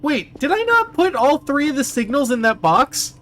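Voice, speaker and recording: A man streaming a game live and chatting casually with his viewers, chatty and excitable and quick to swear. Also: very high-pitched, slight background noise. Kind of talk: casual live-stream chat while gaming.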